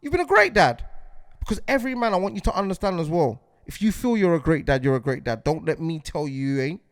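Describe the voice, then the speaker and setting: A fired-up man in his forties holds forth as a podcast host, his voice sitting high for a man. He circles back over his points again and again, checking in with "do you get what I'm saying." The recording is dry and close, with no room sound. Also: fast talker, a little mellow, no room sound. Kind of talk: impassioned podcast monologue.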